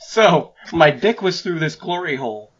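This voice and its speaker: A man's voice: fairly high pitch, expressive, moderate pace, muffled recording, noisy background. Profane man hosting a podcast. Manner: profane, storytelling. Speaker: podcast host. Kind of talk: casual chat.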